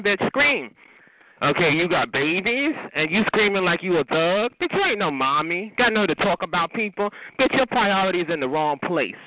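A man, ranting at someone on a phone chat line, cursing, taunting and repeatedly asking "okay?". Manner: pitch jumps up sharply when yelling. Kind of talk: heated phone rant. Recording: tinny phone line with hiss.

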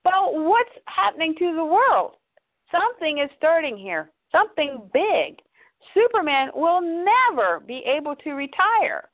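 A woman's voice: very high voice, very animated, measured pace, pitched above the performer's own voice, full character voice. A woman reading aloud the lines of a pushy, earnest young male friend, her voice rising, over a phone-like line.

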